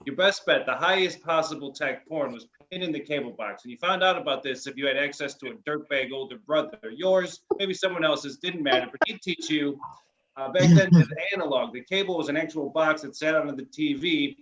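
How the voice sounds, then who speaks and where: Chicago guy doing deadpan standup, slightly high voice, muffled stream. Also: brisk. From Chicago area. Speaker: stand-up comedian. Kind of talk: online stand-up set. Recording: lo-fi stream audio.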